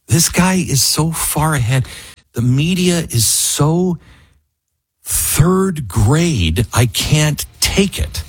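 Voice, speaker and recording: Animated, husky-voiced male talk radio host. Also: on the high side, slow pace, dry recording. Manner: animated, mocking put-on quotes. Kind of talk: opinionated talk radio monologue with live ad reads.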